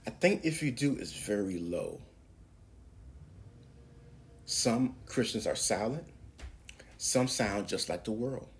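A man's voice: lowish voice, lively intonation, takes it slowly, long pauses, a little hiss or hum. A man hosting a preaching podcast, speaking in an emphatic, preacherly way and pushing his voice up on key words. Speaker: podcast host.

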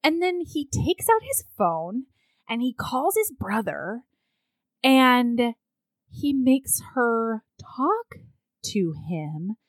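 A woman recaps a book in casual chat, taking her time over every word. She is blunt and crude, and she tells it with animation. Her voice sits a bit high and sounds dry and close. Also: big pitch swings, drawn-out words, dry recording.

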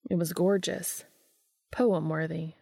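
A woman narrating a story aloud in a calm, even storytelling manner. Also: on the low side, takes it slowly, gravelly, no room sound, clean studio sound. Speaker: podfic reader. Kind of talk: audiobook narration of fan fiction.

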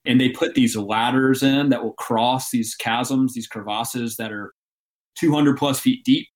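Man, mountain guide guest, animated storyteller with frequent laughs. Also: medium pitch, unhurried. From Alabama. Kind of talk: storytelling interview.

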